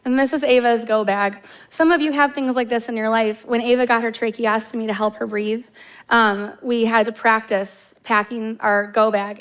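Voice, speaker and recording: Woman in her 30s, Midwestern American accent, preaching from the stage, heartfelt and storytelling, slightly higher voice. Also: smooth. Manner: heartfelt storytelling with casual fillers. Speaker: guest preacher. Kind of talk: personal sermon. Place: church stage.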